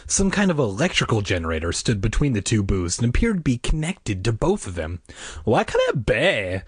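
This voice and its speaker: Brief: male podcast reader, storybook narration, low and husky, dry close mic. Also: very animated, a little fast, dry recording. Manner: wry asides between chapters. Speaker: podcast host reading a children's horror book.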